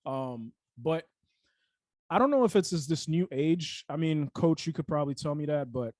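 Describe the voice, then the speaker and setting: A man's voice: a little high, lively intonation, moderate pace, a little mellow, dry recording. A young man co-hosting a casual sports podcast, ranting heatedly with lots of fillers and restarts.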